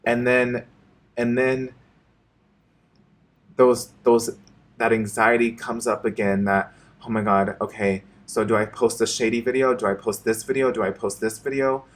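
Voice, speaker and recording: A man vlogging an emotional personal confession to his viewers, halting and repeating himself and swearing often. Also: mid-range voice, flat delivery.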